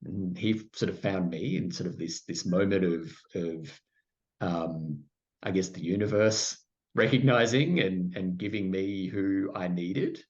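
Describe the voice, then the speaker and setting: The muffled, lo-fi recording captures a low-pitched, darkish voice that moves a little slowly. It belongs to a middle-aged Australian podcast guest who openly recounts his story in conversation, saying "like" often and poking fun at himself.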